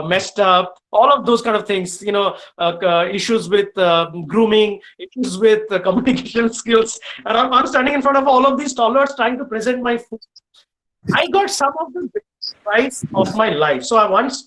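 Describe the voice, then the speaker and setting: A middle-aged man with an Indian English accent speaks as a guest chef to a class of students. He tells his stories in an animated way, breaking often with uh and restarts. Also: extremely high pitch, poor audio. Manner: animated, frequent uh fillers, lively storytelling. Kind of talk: storytelling in a live online session.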